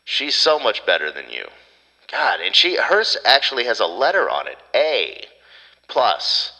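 A man's voice: lowish voice, wildly swooping pitch, measured pace, bright, forceful tone, big-room sound, low-quality recording. A man hosting a podcast, riffing sarcastically in a rambling comedic monologue. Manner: sarcastic, riffing, mock rants. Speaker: podcast host.

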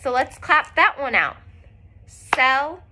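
A woman teacher leading a recorded phonics lesson for young children, speaking clearly and encouragingly with frequent praise. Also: fairly high pitch, expressive, measured pace, bright, forceful tone.

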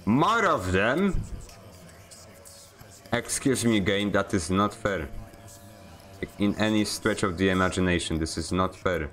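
A man's voice: deep voice, fairly even intonation, normal speed, fairly bright tone, soft background music. A man streaming a video game, chatting casually in a rambling, joking way, often stammering and restarting his sentences. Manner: joking, self-mocking. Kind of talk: casual chat while gaming.

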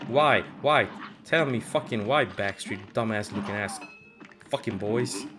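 A young man giving casual gaming commentary, swearing and frustrated, with loud outbursts. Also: on the low side, unhurried, over music. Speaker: gameplay streamer.

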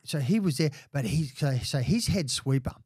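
Clean studio sound with no echo captures this expressive, husky Australian podcast guest in his forties, his voice on the high side with a darkish tone. At a moderate pace he rambles through profane stories, restarting often and saying "mate" constantly.

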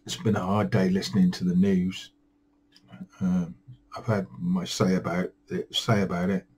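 A man's voice: sits low, little pitch movement, moderate pace, a little mellow, slightly rough, poor audio. A tired man rambling through a home vlog, weary and self-deprecating, grumbling at himself. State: tired, yawning. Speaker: vlogger.

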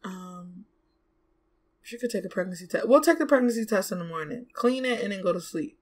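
A chatty young woman narrating her life-sim game at a middling pitch. She coaxes and scolds her characters aloud. She is quick to gasp and exclaim. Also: animated. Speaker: gaming YouTuber. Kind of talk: let's play commentary.

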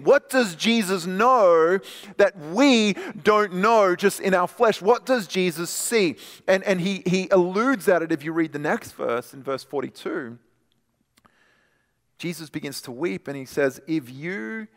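A male pastor preaching a sermon in a conversational way, stumbling and restarting, then dropping soft and quiet for scripture. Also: high voice. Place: church sanctuary. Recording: long church hall reverb.

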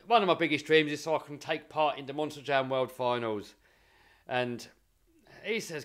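Young male vlogger, slightly high voice, casual motivational storytelling with earnest repeats. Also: moderate pace, a bit bright. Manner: earnest, repeats words while building momentum.

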